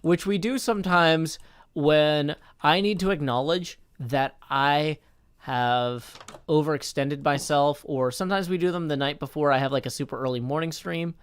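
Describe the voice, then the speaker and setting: A man's voice: fairly high pitch, moderate pace, clear, resonant tone, no echo. A tired man chatting casually on a live stream, rambling and correcting himself as he reads out chat. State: tired from little sleep.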